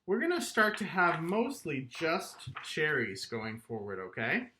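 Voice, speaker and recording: Guy teaching little kids music online, bouncy up and down voice, unhurried, chants clap rhythms. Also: fairly high pitch, slight background noise. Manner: animated, encouraging, chants rhythms and claps along. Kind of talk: online music lesson for young children.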